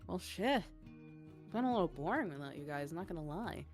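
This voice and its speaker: A woman voicing a brash, foul-mouthed female tavern keeper who swears freely and jokes loudly. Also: fairly low pitch, animated, brisk, soft background music, lightly acted. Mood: griping. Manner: loud, swearing, boastful.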